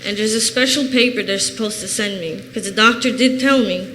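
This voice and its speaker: A woman's voice: mid-range voice, a little fast, fairly bright tone. An earnest woman in her thirties tells her personal testimony in plain, heartfelt words. Her voice rings through a reverberant church hall. A faint background noise sits under the recording. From Chicago, USA. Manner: earnest, plain-spoken storytelling. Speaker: church member giving testimony.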